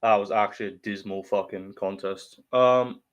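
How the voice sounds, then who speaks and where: A man's voice: lowish voice, fairly even intonation, normal speed, dull audio. A man hosting a live fight watch-along stream, ranting bluntly with lots of swearing and mocking the fighters while answering chat. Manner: blunt, profane, mocking rant.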